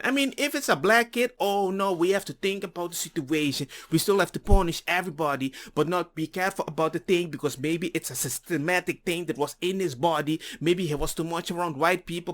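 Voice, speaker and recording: A man's voice: sits high, a bit bright. A man from the Caribbean ranting in a jokey commentary video, mocking others as he goes.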